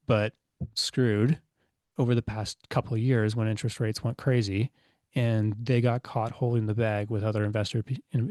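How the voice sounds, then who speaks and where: A man's voice: medium pitch, dark tone, no echo, clean studio sound. A man in his thirties, a podcast guest telling stories casually, full of fillers and acting out quoted dialogue. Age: 30s. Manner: chatty, many fillers, acts out quoted dialogue. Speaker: podcast guest, business owner. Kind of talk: casual storytelling interview.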